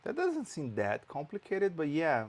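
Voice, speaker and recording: A man co-hosting a casual podcast, relaxed and careful, giving short replies. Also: a little high, measured pace. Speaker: podcast co-host. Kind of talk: casual chat.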